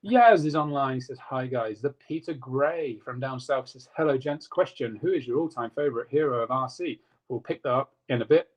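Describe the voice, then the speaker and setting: A man co-hosting a casual live stream, reading out viewer comments in a quick, jokey way. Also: medium pitch. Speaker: co-host reading live chat.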